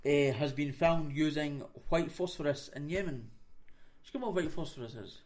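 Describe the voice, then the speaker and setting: A man's voice: on the high side, normal speed, darkish tone. A young Scottish man co-hosting a podcast, chatting casually in a blunt, sweary, sarcastic way. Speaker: podcast co-host.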